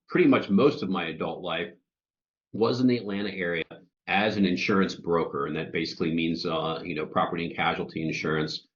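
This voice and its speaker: A man from the Philadelphia area, a guest in an interview, telling his story in a plain, measured way. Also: sits low. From Philadelphia area, USA. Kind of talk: casual interview chat. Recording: muffled lo-fi audio.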